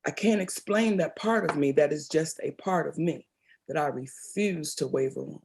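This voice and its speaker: Her voice is low and gravelly, her pace moderate. A middle-aged comedian and actress from Baltimore, Maryland, she tells stories expressively in an interview, animated throughout and calling folks "baby."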